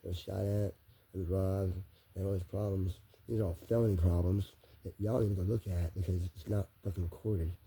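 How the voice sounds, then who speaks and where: A man's voice: sits low, fairly even intonation, fairly quick, dark tone, husky. A man talking straight to the camera in a rambling personal monologue, circling back on the same phrases again and again.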